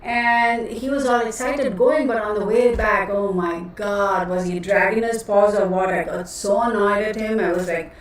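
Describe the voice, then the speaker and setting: A woman's voice: mid-range voice, steady tone, normal speed, few pauses. A woman chatting casually with her live viewers as a tarot reader, rambling along and calling them y'all. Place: cluttered home room she works from. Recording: echoey room, voice distant from mic, faint noise.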